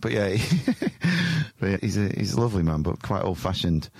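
A man talks in a fairly low voice, trading crude jokes and rambling stories. The sound is dry and close, with nothing of the room. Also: sing-song, moderate pace, vocal fry, slightly rough, no room sound. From Lancashire, England. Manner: chatty storyteller, swears freely. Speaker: podcast co-host. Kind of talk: casual crude banter.

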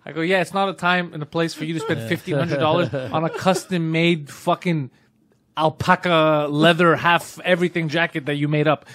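A man co-hosting a podcast, telling a story in casual chat, often imitating people loudly and laughing. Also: normal speed. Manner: animated, mimics others with loud high voice, laughs often. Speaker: podcast co-host.

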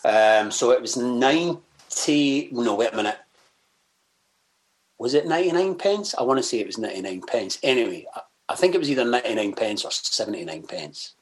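A man's voice: mid-range voice, lively intonation, brisk. A Scottish man chatting casually as a guest, rambling and hesitant with many fillers, swearing freely and joking at his own expense. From Scotland. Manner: swears freely, self-mocking. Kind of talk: casual interview chat.

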